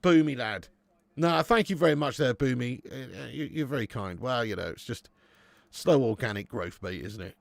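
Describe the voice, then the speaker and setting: A man's voice: medium pitch, vocal fry, dry recording. A man in his late thirties hosting a live football watch-along, chatting loosely with viewers, swearing, and calling them "mate" and "lad". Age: 30s. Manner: laid-back banter, swears, calls viewers "mate" and "lad".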